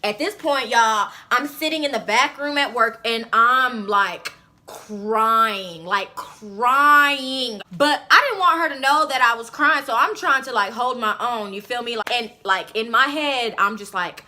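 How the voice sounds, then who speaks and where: A young woman vlogger telling a personal story in an animated, expressive way, with lots of fillers. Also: a little high, a little slow. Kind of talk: storytime vlog.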